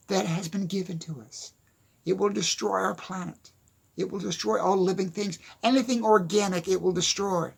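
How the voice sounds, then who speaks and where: A weary man delivers an earnest monologue with a gravelly, rough edge to his voice. His speech is slightly husky and halting, and he circles back to repeat his points as he restarts sentences. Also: high-pitched. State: tired. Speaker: speaker on philosophy.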